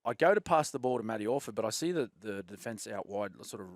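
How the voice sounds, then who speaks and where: A man with an Australian accent telling old rugby league stories in a casual chat, lively and laughing often, calling his listener "mate". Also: lowish voice, fast talker, dry recording, clean studio sound. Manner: animated, laughs often, says "mate" a lot. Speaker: podcast guest, former rugby league player.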